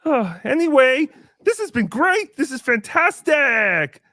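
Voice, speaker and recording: A woman's voice: high voice, very animated, takes it slowly, pushed and bright, no echo, studio quality. A woman in a played stream clip, chatting in an upbeat, slightly sarcastic way. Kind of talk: casual chat.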